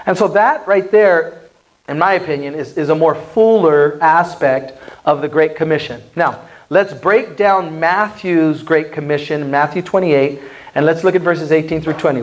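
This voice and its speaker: A male pastor giving a conversational Bible-study sermon in a church, animated and firing rhetorical questions at the congregation. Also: a little high, a little slow.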